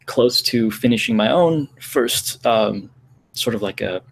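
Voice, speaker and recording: A man's voice: medium pitch, animated, measured pace, creaky, a little hiss or hum. An American man in his twenties, a guest on a livestream call, talking in a hesitant, self-deprecating way with many ums and restarts. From United States. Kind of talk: casual livestream chat.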